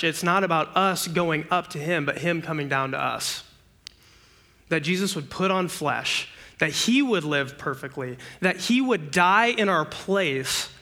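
In a casual sermon, a young man who preaches for a campus ministry checks in with listeners through rapid rhetorical questions. He has a bright, forceful voice pitched a touch high, and he gets animated acting out scenes from daily life.

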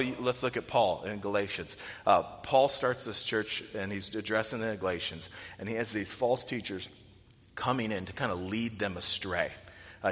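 Preaching with animation, a man in the role of pastor jumps into loud, high bursts as he acts out quotations, and his voice carries a long reverb tail.

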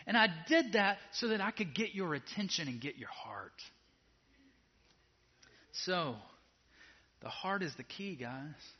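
A man preaching a sermon to a congregation in a casual, direct way, moving between quiet asides and loud emphatic peaks. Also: high voice, animated, slow, pauses often, breathy edge. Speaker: pastor. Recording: dull lo-fi sound.

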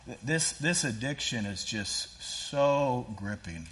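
A man preaching a sermon in a relaxed, conversational way, full of "like" and "kinda", and acting out the scripture quotes with feeling. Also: mid-range voice, slow pace. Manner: casual, animated preaching with fillers like "kinda" and "like"; voices scripture quotes with rising intensity. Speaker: pastor.

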